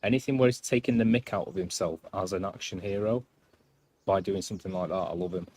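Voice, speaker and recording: A man's voice: sits low, steady tone, fast talker, warm tone, a little hiss or hum. A man doing casual gameplay commentary on a live stream, rambling and self-deprecating as he chats.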